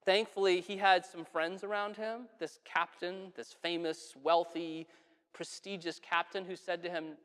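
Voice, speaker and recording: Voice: medium pitch, fairly even intonation, measured pace, a bit bright. A pastor preaching a sermon in a conversational way, asking the congregation questions and adding asides. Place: church sanctuary. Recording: long church reverb.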